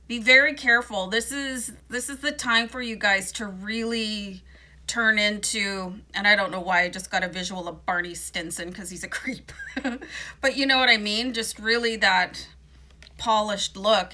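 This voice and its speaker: Woman tarot reader, bright forceful tone, slight morning voice, talks in a loose, reassuring way. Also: medium pitch. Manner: chatty, reassuring, many fillers. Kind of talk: casual tarot card reading.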